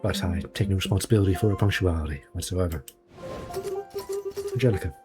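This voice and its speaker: A man's voice: sits low, brisk, over music, pitched below the performer's own voice, natural voice. A man voicing a genial older royal advisor, speaking formally and courteously.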